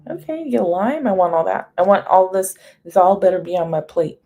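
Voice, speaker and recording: This livestream host chats casually with her audience, calling out viewers by name and reading long menus aloud. Her lowish, mellow voice has lively intonation, and she talks a little fast with few pauses.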